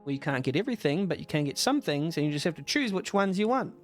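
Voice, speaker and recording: A man's voice: a little high, big pitch swings, fast, soft background music. A man commenting on a game in a livestream as a judge, rambling and self-mocking. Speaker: game jam judge and streamer. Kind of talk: let's play livestream commentary.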